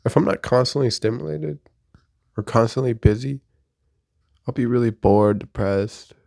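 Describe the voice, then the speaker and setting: A young man in a casual confessional monologue, rambling and self-deprecating, often rising into animated rhetorical questions. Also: medium pitch, normal speed, vocal fry, no room sound, clean studio sound. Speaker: vlogger. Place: his bedroom.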